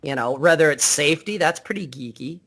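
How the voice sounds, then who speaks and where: A man appears as a podcast guest over Skype, his casual interview talk blunt, unfiltered, rambling, and full of restarted sentences. He has a somewhat high voice for a man with a fairly bright tone, lively intonation, and a slightly fast pace.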